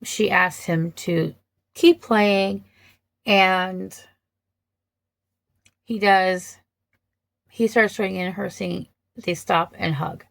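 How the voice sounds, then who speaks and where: A woman speaks slowly and thoughtfully as she compares film versions, pausing often to gather her words. Her voice carries a gravelly edge, and the recording is dry with no room sound. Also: medium pitch, steady tone, no echo. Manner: thoughtful, hesitant, many ums and restarts. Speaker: vlogger reviewing films. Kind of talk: casual film commentary.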